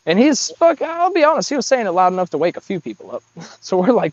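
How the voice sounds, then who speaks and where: A man's voice: high voice, sing-song, fairly quick, no room sound, highs cut off. A man telling rambling, profane boot camp stories in a casual podcast chat, laughing often.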